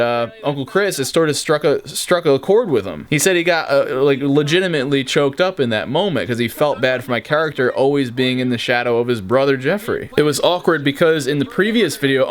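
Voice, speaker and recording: A young man casually talking through behind-the-scenes stories of his videos, swearing freely and acting out quotes with energy. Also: medium pitch. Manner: casual, profane, animated retellings. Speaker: YouTuber.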